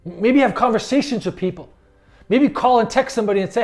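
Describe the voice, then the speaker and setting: A man with a notably high voice preaches a sermon. He talks in a conversational, emphatic way, often stumbling and restarting his phrases as he makes his points. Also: fairly quick, darkish tone, soft background music. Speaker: pastor.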